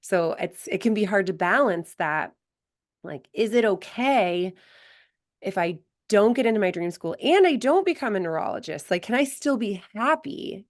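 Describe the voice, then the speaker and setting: A woman's voice: medium pitch, animated, moderate pace. A woman hosting a podcast who used to coach gymnastics. She chats in a casual, enthusiastic and reflective way. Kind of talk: casual interview chat.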